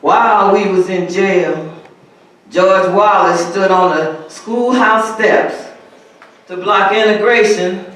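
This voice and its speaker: A man performing a dramatic first-person monologue in a church, telling his story slowly and deliberately. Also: high voice, steady tone, a bit bright. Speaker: solo performer. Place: large church sanctuary. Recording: echoey church hall from far off.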